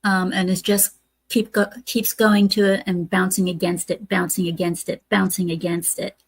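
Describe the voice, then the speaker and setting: A woman's voice: on the low side, flat delivery, moderate pace, breathy edge, no room sound. A woman hosting a casual movie review podcast, retelling scenes step by step with lots of "uh"s. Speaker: podcast host.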